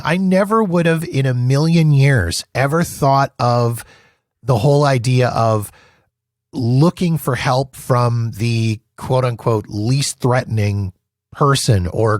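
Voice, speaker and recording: A man hosting an interview, telling stories in a relaxed, self-deprecating way. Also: mid-range voice, dry recording, studio quality. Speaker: podcast host. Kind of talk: conversational interview.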